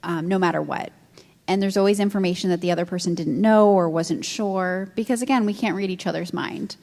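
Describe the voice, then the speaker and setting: A woman couples therapist on a discussion panel, giving measured advice with frequent pauses and ums. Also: lowish voice, a little mellow. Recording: long hall reverb.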